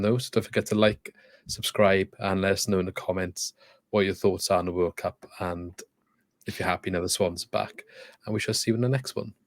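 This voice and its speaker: Deep-voiced podcast host. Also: male voice, no echo, clean studio sound. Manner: relaxed, chatty, loose sentences with fillers. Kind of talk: casual football podcast chat.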